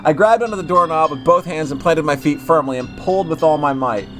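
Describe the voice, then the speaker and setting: A man reading a visual novel aloud in measured first-person narration, sometimes restarting a phrase. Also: a little high, fairly bright tone, soft background music. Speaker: reader.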